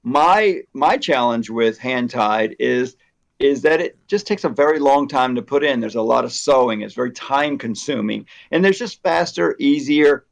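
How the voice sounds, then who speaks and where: A man who works with hair extensions, giving relaxed, opinionated advice in a casual chat. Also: mid-range voice, normal speed, vocal fry.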